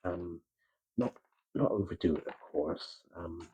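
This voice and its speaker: Gloucestershire man, soft-spoken ASMR chat, very low and smooth-toned, halting with many pauses. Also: poor audio. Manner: soft-spoken, slipping into whispers. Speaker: ASMR creator.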